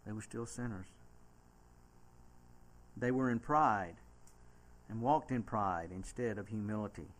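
A man with a Southern US accent preaching a sermon as a pastor, reading scripture aloud slowly and swinging from soft, low delivery to loud, emphatic preaching. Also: a little hiss or hum.

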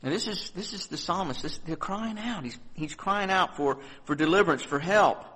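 A man's voice: high voice, animated, normal speed, breathy edge, low-quality recording. A man preaching a sermon as pastor, reading scripture aloud and explaining it in an earnest, conversational way. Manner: earnest preaching, rising on scripture readings, dropping soft on reflections.

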